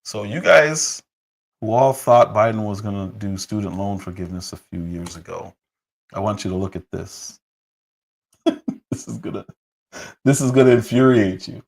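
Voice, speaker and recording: A man hosting a political commentary livestream, hoarse from a cold, talking heatedly with rhetorical questions and frequent restarts. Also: lowish voice, moderate pace, long pauses, low-quality recording. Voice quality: husky. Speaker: livestream host.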